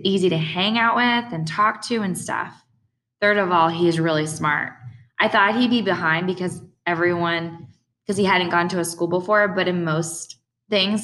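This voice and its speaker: A woman narrates a first-person storybook in a relaxed, conversational way. Her reading sounds like a kid telling his own story. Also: lowish voice. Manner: casual, conversational. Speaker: audiobook narrator.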